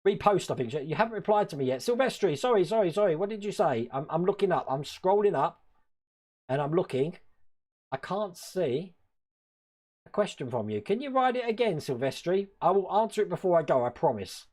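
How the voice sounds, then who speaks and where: A man's voice: high-pitched, sing-song, a little fast, darkish tone. A man from Wales hosting a casual live stream from his hobby room, rambling, chuckling often and answering chat.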